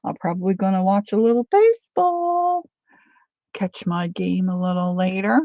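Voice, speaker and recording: A woman's voice: mid-range voice, sing-song, normal speed, dull audio, slight background noise. A woman chatting casually to viewers while she works on a paper craft journal, talking things over with herself as she goes. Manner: chatty, reads viewer comments aloud. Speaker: craft vlogger.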